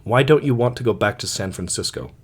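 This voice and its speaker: A man's voice: medium pitch, fairly quick, breathy edge, close to an everyday voice. A man reading aloud, voicing a zealous missionary who speaks in a hard, stern, preacherly way. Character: stern, zealous middle-aged male missionary.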